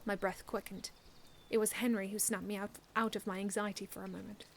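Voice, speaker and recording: A woman reading her own first-person fan story aloud in an earnest, expressive way, often restarting lines. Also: medium pitch, fairly quick, vocal fry, slight background noise.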